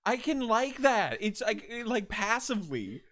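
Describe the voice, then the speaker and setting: A man's voice: sits high, very animated, normal speed, a bit bright. A man chatting casually while streaming a video game, rambling and swearing, with many restarts. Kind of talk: casual gaming stream chat.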